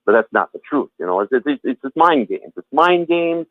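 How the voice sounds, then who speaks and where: A man's voice: medium pitch, big pitch swings, normal speed, no echo. A man speaking over a thin, phone-like line with a dry, close sound. He talks bluntly and at length, circling back to the same words and tossing in profanity. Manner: rambling, repeats himself, blunt and profane. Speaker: former Jehovah's Witness sharing his story. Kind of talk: heated phone conversation.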